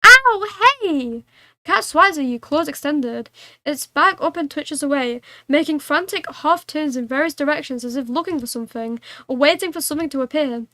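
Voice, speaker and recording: A woman's voice: high-pitched, fairly quick, fairly bright tone, no echo, studio quality. A young woman streaming a game, reading its text aloud and chatting, playful and giggly with cat-like meows.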